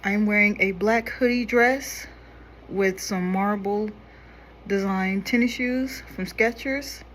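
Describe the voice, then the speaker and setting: Bright-voiced woman chatting through makeup. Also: mid-range voice, slow, a little hiss or hum. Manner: chatty, talks to viewers while applying makeup, drops quieter when concentrating. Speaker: makeup vlogger. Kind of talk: casual makeup tutorial chat.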